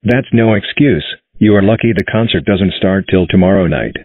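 Stern scolding cartoon dad, synthetic male voice, deep, husky, dry muffled lo-fi sound. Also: moderate pace. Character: stern cartoon father, middle-aged. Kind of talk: text-to-speech cartoon dialogue.

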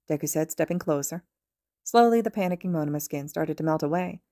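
Low-voiced woman reading fan fiction. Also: no echo, clean studio sound. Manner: steady, even-paced storytelling. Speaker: podfic reader. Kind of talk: fan fiction audiobook narration.

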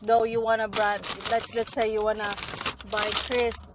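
A woman's voice: fairly high pitch, little pitch movement, a little slow, heavy background noise. A young woman from the Philippines with a Filipino accent, chatting casually for her vlog and explaining things with restarts and little laughs. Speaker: vlogger. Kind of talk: casual chat.

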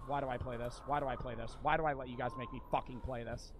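A young man streaming a horror game, swearing constantly and repeating himself as he swings between muttering and yelling. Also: mid-range voice, steady tone, fast, background noise. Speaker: gaming streamer. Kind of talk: frustrated let's-play commentary.

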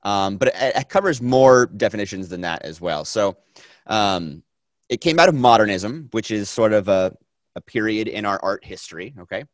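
In this classroom lecture on film, the instructor's voice sits on the low side as he talks at normal speed. He's lively and conversational, circling back on what he's said and using many fillers. The sound is close and dry, with almost no room and no echo.

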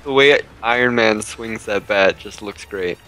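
A man's voice: fairly low pitch, measured pace, pushed and bright, poor audio. A young man giving casual commentary while playing a video game with a friend, chatty and joking, laughing at the chaos on screen. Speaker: gamer co-host.

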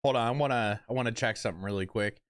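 A man hosting a reaction video, talking in an excitable, rambling way and swearing often. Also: mid-range voice, racing, clean tone, dry recording, studio quality, faint music behind. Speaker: reaction channel host. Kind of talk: casual reaction commentary.

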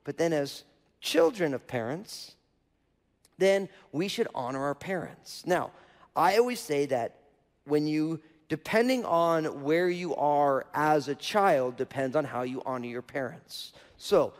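A man's voice: on the high side, lively intonation, measured pace. A male pastor preaching a sermon in a casual, conversational way, often checking in with the audience by asking "right?". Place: church auditorium. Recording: long reverb of a church hall.

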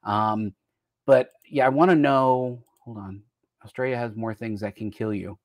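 A man's voice: medium pitch, unhurried, no room sound, studio quality. An American man hosting a casual live-stream chat, talking in a rambling way and jumping between topics mid-sentence. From United States. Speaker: host.

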